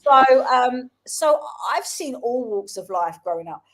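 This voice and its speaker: A woman from South London with a London accent, chatting as co-host of a casual talk show. Her voice sits a bit on the high side, and she tells her stories in an animated way with quick asides. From South London, England. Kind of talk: casual chat.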